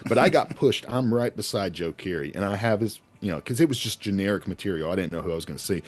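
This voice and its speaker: A man talking as a podcast guest, telling animated anecdotes in a casual way and laughing often. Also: fairly low pitch, quick pace. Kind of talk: casual storytelling chat.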